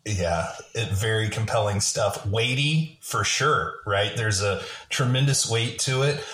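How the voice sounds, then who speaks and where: A man's voice: lowish voice, a little slow, fairly bright tone. Male interviewer in an echoey room. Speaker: interview host. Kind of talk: conversational interview.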